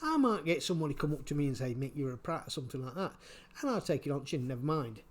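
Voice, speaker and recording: Halting man, fairly high voice. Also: very animated. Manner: halting, repeats words, chuckles often. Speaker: vlogger. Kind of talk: casual spoken commentary.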